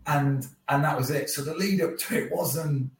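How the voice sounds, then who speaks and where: Animated man telling a story, roomy. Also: on the high side, moderate pace, recorded from a distance. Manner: animated storyteller, acts out his own thoughts. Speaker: guest, former cricketer. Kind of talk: podcast interview storytelling. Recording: roomy sound, a bit off mic.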